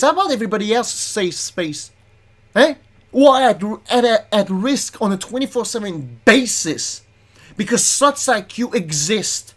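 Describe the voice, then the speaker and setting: Speaking at a measured pace in an expressive, medium-pitched voice, a female host reads a document aloud while angrily reacting to it. Her commentary is exasperated and full of profanity, and she keeps tripping over her words and restarting.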